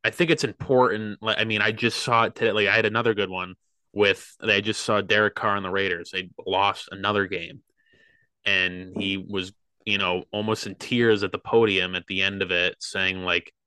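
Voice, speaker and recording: Earnest young man, bright close voice. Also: lowish voice, fairly even intonation, moderate pace, smooth, dry recording. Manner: rambling, earnest, many fillers. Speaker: podcast guest, athlete. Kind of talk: casual podcast chat.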